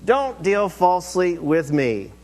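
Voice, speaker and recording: A man's voice: high-pitched, sing-song, slow, darkish tone, pitched above the performer's own voice, full character voice. A man playing a wary, demanding old king. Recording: echoey hall reverb.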